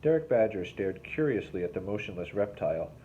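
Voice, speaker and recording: A male teacher reading a novel aloud to his class, in steady, plain narration with an occasional restart. His voice sits low, and the recording is slightly dull with a faint hiss behind it. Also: fairly quick.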